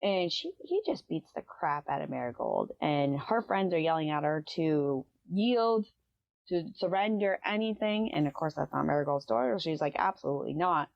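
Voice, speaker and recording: A woman's voice: low voice, lively intonation, moderate pace, gravelly, dry recording, dull audio. A woman hosting a casual book review, retelling the plot in a rambling way with lots of "um" and "like.". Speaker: book review podcast host.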